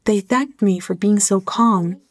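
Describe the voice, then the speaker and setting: A middle-aged woman from Germany, a guest in an interview, speaking slowly and heartfelt in short, reflective phrases. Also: mid-range voice.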